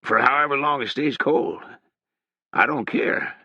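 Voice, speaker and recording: A man's voice: medium pitch, expressive, a little slow, creaky, husky, voice pushed up, full character voice. A man voicing a gloomy, fatalistic old ragpicker who talks in a drawling, mournful rural manner, for an audiobook. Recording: dull, dry sound.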